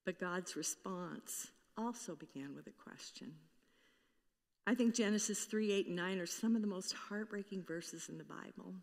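A woman's voice: mid-range voice, normal speed. A woman pastor preaching in a reverberant hall. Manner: earnest, acts out quoted voices. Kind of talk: sermon.

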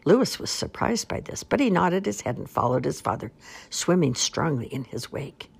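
A woman narrating a children's storybook in a gentle, expressive read-aloud manner. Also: low voice, moderate pace, vocal fry, slightly rough. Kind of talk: storybook reading.

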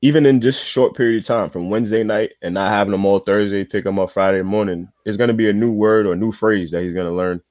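A man's voice: fairly low pitch, steady tone, quick pace, few pauses, a little mellow, dry recording. A man, a father, chatting as a podcast guest, earnestly telling stories about his son. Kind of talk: casual chat.

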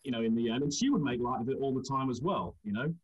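A man spins long, meandering stories in a relaxed chat and keeps breaking into laughter along the way. His voice sits at a middle pitch. The recording is somewhat dull and lo-fi. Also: fast talker, breathy edge. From England. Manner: rambling, laughs through anecdotes. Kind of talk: casual storytelling chat.

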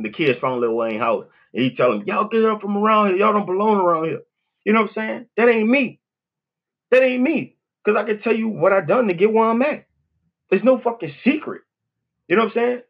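A New Orleans-accented podcast host delivers a casual solo monologue that is blunt, profane and rambling, repeating "you know what I'm saying" constantly. His slightly high, husky voice swings widely in pitch and moves a little fast. The audio is dull and lo-fi.

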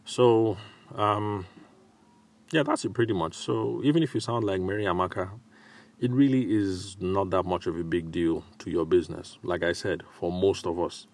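A man hosting a solo advice podcast, talking in a measured way with frequent filler pauses. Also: low voice. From Nigeria. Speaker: podcast host.

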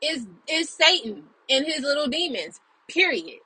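A woman's voice: high voice, big pitch swings, unhurried, sharp tone, no echo, rough recording. A young woman talking casually to her viewers about faith, earnest and encouraging, repeating phrases and checking in with "right?" and "okay?". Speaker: Christian video creator.

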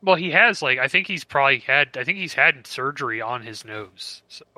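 A man in casual chat, blunt and profane, quick to laugh. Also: mid-range voice, animated, sharp tone.

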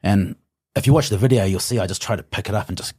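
A man, a strongman telling his competition story in an interview, animated and swearing often. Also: on the low side, quick pace, breathy edge, no room sound, studio quality. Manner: animated, swears often, acts out his own past thoughts. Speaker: guest, strongman athlete.

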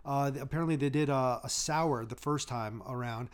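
A man's voice: medium pitch, normal speed, clean tone. A man chatting casually as a podcast guest, rambling and joking with many restarts. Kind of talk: casual chat.

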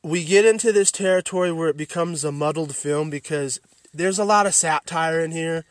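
A man's voice: a little high, moderate pace, no echo. A man hosting a podcast, giving a blunt film review full of profanity and emphatic restarts. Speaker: podcast host reviewing films.

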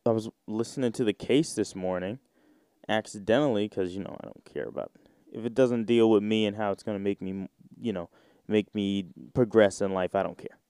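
A young man in his twenties hosts his own podcast and talks loosely in slang, with a mellow, warm tone. His voice sits dry and close, with no room around it. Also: lowish voice, steady tone, fairly quick, clear, resonant tone, no echo. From United States. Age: 20s. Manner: rambling, joking, slangy and irreverent. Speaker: podcast host. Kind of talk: casual solo podcast chat.

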